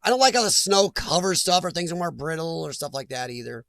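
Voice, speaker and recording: A man's voice: fairly high pitch, lively intonation, fast, gravelly, a bit bright, dry recording. A man hosting a casual live chat, reading viewer names aloud and laughing often. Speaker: livestream host reading chat.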